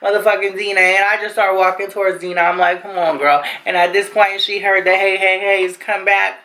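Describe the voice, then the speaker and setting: A young woman vlogger telling a storytime tale to camera in an animated, slangy, profane way. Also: medium pitch, brisk, rough recording. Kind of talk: storytime vlog.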